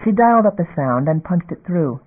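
Audiobook narrator, man, steady measured reading, fairly high voice, phone-like sound. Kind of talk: scripted narration. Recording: phone-like narrow band.

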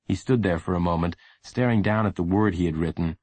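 A man's voice: low voice, brisk, few pauses, slightly rough, dry recording. A man narrating a children's novel, reading expressively and shifting his voice for each character. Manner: expressive storytelling. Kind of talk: audiobook narration.

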